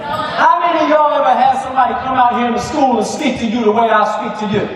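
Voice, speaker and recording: A man giving a fiery motivational speech to students in a school hall, preaching in call-and-response and often shouting. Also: extremely high pitch, fairly even intonation, fast talker. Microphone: camera far from the speaker. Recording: echoey hall from far off, crowd noise.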